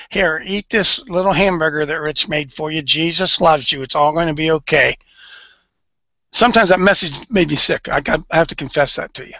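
A man with a high, bright voice gives an informal sermon to a men's group. He talks in a folksy, emphatic way and drives his points home by repeating them. The sound is close and dry. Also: dry recording, poor audio. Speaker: men's ministry leader.

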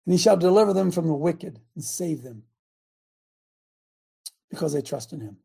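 A man with a dark, gravelly and very raspy voice reads scripture emphatically. He then hosts a call-in show, bringing callers in by name. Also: on the high side, lively intonation, moderate pace. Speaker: host. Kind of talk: reading scripture and hosting a call-in.

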